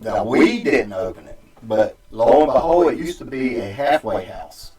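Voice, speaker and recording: A man's voice: medium pitch, expressive, a little mellow. A man spins a long story in a casual, rambling way. He stops and restarts often, and his voice rings around a roomy space, heard from some way off the mic. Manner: rambling, halting, with many restarts and fillers. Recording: echoey room, distant mic.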